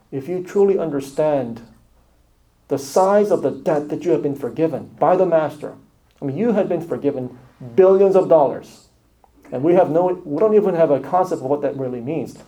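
Male pastor preaching, kinda gravelly, mellow dark tone, stacks up short punchy phrases. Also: on the high side, rough recording. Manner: earnest, builds emphasis in short repeated phrases. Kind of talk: sermon.

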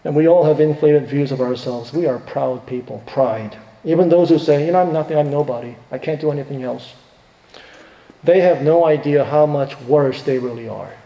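A middle-aged man, a pastor, preaching a sermon with emphatic swings between hushed and rising delivery. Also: fairly high pitch, normal speed, creaky, muffled recording. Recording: echoey hall with long reverb.

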